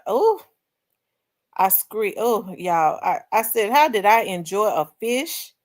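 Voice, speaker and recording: A middle-aged woman hosting a casual livestream, talking straight to her viewers. She tells her stories in an animated way, often breaking into laughter. Her voice sits at an ordinary middle pitch for a woman. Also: takes it slowly. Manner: animated, laughing, storytelling to the audience. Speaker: livestream host.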